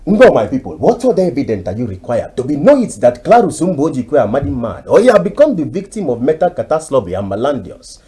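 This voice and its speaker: Man putting on a loud, pompous old Nigerian chief, high and showy, big words, theatrical. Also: sing-song, quick pace, hardly any pauses, lightly acted. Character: bombastic older man, a chief fond of grand big words.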